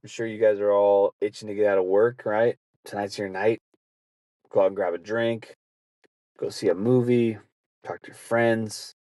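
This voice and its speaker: Deep-voiced man rambling casually. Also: steady tone, moderate pace, mellow, dry recording. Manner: rambling storytelling with acted asides. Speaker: podcast host. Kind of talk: casual monologue.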